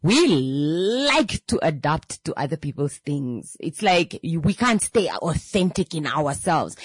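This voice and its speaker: A young woman talking in a casual monologue, animated and quick to restart her sentences. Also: sits low, no echo. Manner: animated, repeats and restarts, laughs readily.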